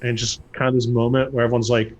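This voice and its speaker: A man narrating a tabletop game as game master, who breaks into loud, high voices for the characters. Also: fast. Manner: lively, acts out characters with loud jumps in pitch.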